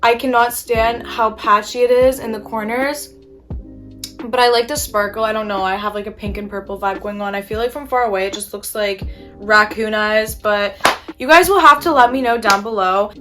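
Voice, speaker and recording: A woman's voice: on the high side, fairly even intonation, normal speed, sharp tone, faint music behind. A young woman chatting casually while doing her makeup, telling an exasperated story with casual swearing. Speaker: beauty vlogger.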